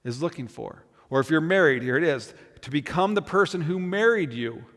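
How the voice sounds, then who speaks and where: At a normal speed and with lively intonation, a pastor with a high, bright voice delivers an earnest sermon. He repeats words as he builds to a point, his voice echoing with a large hall's long reverb.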